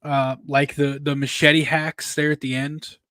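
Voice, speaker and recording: Man, candid casual critique, slightly higher voice, dry close sound. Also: little pitch movement, measured pace, a bit bright, no echo. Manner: candid, lots of "like" fillers. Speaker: co-host reviewing fan films. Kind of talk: casual review chat.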